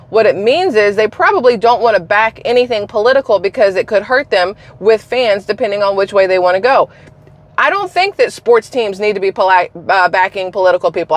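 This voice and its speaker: A woman hosting a political commentary vlog, talking in a blunt, opinionated, casual way. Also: mid-range voice. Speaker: channel host.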